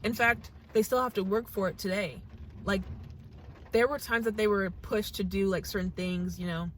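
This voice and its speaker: Young American woman, reaction-channel host, casual and enthusiastic, thinks out loud; slight background hiss. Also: medium pitch, steady tone, normal speed. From United States. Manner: earnest, gushing, thinks aloud with restarts. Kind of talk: casual talk to camera.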